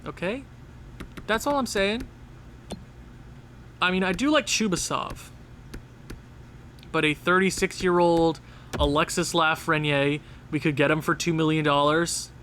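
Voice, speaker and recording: A man giving casual, excitable gameplay commentary, talking straight to the game as he plays. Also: a little high, unhurried, pauses often, slight background noise. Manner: excitable, talks to the game and players. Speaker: gaming channel host.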